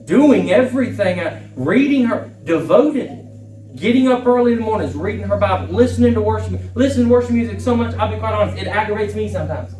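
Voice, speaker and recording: Preacher guy, high-pitched and fervent, recorded far off in a church with faint music behind. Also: lively intonation, quick pace, a little mellow. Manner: fervent, repeats phrases for emphasis. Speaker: pastor. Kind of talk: impassioned sermon. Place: church sanctuary. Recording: echoey church room, distant mic, faint music.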